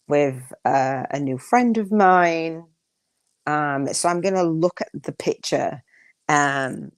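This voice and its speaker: A woman's voice: deep voice, darkish tone, no echo. A woman hosting a solo podcast, talking casually and reflectively, rambling with restarts and repeated affirmations. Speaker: podcast host.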